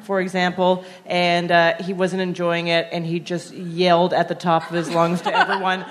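A woman's voice: fairly low pitch, level tone, normal speed, hardly any pauses, very noisy. A woman comedian guesting on a live podcast, telling a story in a dry, wry way. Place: live stage before an audience.

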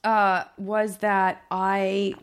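A woman's voice: medium pitch, little pitch movement, very slow, clean tone. A woman hosting a podcast, musing thoughtfully and searching for her words as she talks. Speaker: podcast host. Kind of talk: casual chat.

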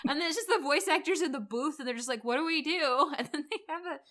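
A woman co-hosting a podcast in casual chat, playful and quick to chime in with jokes. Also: high voice, lively intonation, a bit bright. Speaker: podcast co-host.

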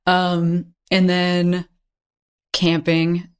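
Soft-spoken, hesitant low woman host. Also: completely flat delivery, extremely slow, clear, resonant tone. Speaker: podcast host. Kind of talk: casual conversation.

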